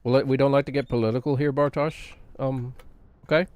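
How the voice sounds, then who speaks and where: Streamer dude rambling on, laughs a lot, mid-pitched, goofs on himself. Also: male voice, fairly even intonation, a little fast, smooth, dry recording, dull audio. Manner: rambling, self-mocking, laughs often. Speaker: game streamer. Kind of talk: casual live-stream chat.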